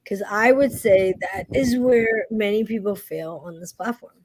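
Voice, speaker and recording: A woman's voice: mid-range voice, expressive, a little slow, noisy background. A woman guest on a live video chat, speaking frankly and emphatically. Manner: emphatic and frank, many affirming murmurs. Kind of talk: casual live-stream chat.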